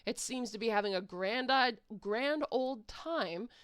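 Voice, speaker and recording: Young woman reading a webcomic aloud, slow and playful, lively pitch, dry close mic. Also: clean tone, dry recording. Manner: playful, animated, reacts to the text. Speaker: webcomic reader.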